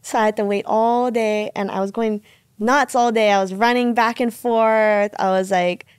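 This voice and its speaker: A woman's voice: fairly high pitch, normal speed, smooth, no echo, studio quality. A woman in her twenties from Hawaii, a pro surfer guest telling a story in casual podcast talk, full of "like" and acted-out quotes. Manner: animated, acts out quotes, lots of "like".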